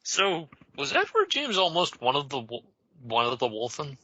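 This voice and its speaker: A man co-hosting a comedy podcast, tossing in quick quips and questions. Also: fairly high pitch, wildly swooping pitch, pushed and bright, dry recording, highs cut off. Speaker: podcast co-host. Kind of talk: casual comedic chat.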